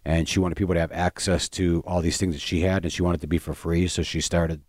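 A man's voice: deep voice, little pitch movement, fast, darkish tone, no echo, studio quality. A man who is a stand-up comedian, telling a story in casual chat, rambling with lots of fillers and restarts.

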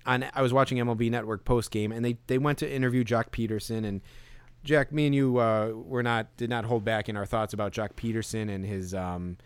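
A man co-hosting a podcast, chatting casually with lots of fillers and animated retelling. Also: mid-range voice, fairly quick, clean tone, no room sound. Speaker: podcast co-host. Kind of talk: casual chat.

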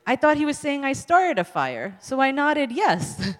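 Kindly father figure, read by a woman, amused anecdotal telling, lively pitch, hall echo. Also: unhurried. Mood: storytelling. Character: gentle immigrant father, fond storyteller. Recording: long hall reverb.

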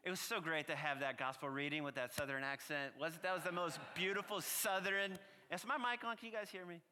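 A man with a New Orleans accent gives a sermon as a guest priest. His voice sits fairly high and sounds bright. He talks in a chatty, earnest way, slows into a prayerful cadence, and the long reverb of a church hall surrounds him. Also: steady tone, a little hiss or hum. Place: church sanctuary.

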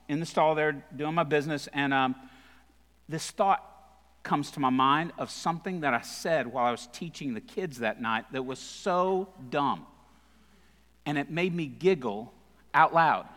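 A guest speaker at a live church service delivers a humorous sermon, sharing funny, self-deprecating stories conversationally. His voice is fairly high and a bit bright, with the sound of a big room.

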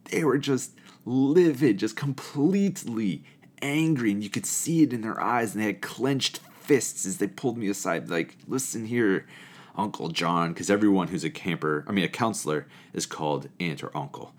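A man with a low, deep voice tells a story from his camp counselor days. He is animated and expressive, then shifts into reflective spiritual musing. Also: normal speed. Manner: animated and expressive, acting out quoted people. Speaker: storyteller sharing a camp memory.

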